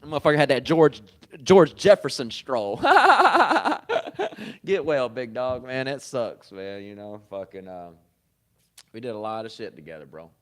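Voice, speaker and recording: Dude on a podcast swearing a lot, telling stories, laughs and gets loud in bursts. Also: male voice, mid-range voice, normal speed. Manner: loose, swearing, laughs often, animated bursts. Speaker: podcast host. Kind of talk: casual profane storytelling. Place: comedy club.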